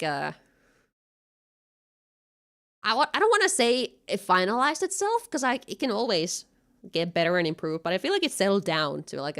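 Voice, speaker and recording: A woman's voice: lowish voice, a bit bright, clear, resonant tone. A young woman with a Finnish accent chatting casually on a gaming stream, rambling and giggly with lots of fillers. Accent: Finnish-tinged American English. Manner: rambling, giggly, thinks aloud with many fillers. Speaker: VTuber streamer. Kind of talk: casual chat while gaming.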